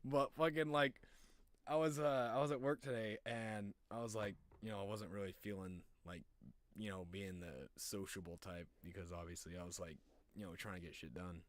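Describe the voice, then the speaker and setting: Deep-voiced young man, loose stream chatter. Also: normal speed, dry recording. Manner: profane, rambling, animated storytelling. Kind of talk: casual stream chat.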